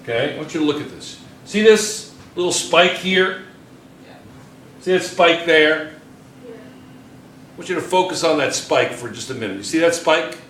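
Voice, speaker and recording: A man's voice: a little high, lively intonation, unhurried, pauses often, fairly bright tone, distant mic. Man, chemistry teacher, classroom lecture, keeps checking in with students, echoey room, faint background noise. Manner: repetitive, checks in often with students. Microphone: camera in the room.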